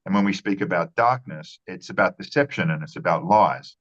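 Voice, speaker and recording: A man with a very low voice gives earnest interview answers. He often repeats words and restarts his phrases. The sound is dull and lo-fi. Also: a little fast, fairly bright tone. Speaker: marketing strategist guest.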